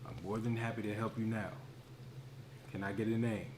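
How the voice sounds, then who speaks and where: A man's voice: fairly low pitch, little pitch movement, normal speed, natural voice. A man playing a polite customer service agent who answers an angry caller in a scripted tone. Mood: calm. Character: calm male airline phone agent. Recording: noisy recording with clicks.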